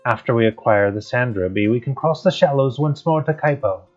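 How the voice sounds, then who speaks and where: A timid young prince mourning a loss, as a man reads his lines. The reading is plain, and the audio is dull, with soft guitar music behind it. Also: mid-range voice, a little fast, close to an everyday voice. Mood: sad.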